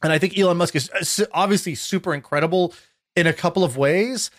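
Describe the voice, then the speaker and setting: A man's voice: high-pitched, fast talker, a bit bright. A young man telling stories in casual conversation, rambling with lots of filler words and restarts.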